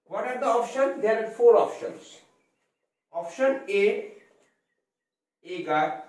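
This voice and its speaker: A male English teacher with an Indian English accent, giving an exam-prep lesson and explaining slowly, spelling words out letter by letter. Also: high-pitched, expressive, darkish tone. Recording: very echoey room, voice far from mic.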